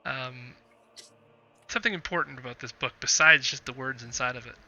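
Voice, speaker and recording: A man's voice: medium pitch, fairly quick, gravelly, sharp tone, highs cut off. A man running a tabletop game as game master, rambling with many fillers.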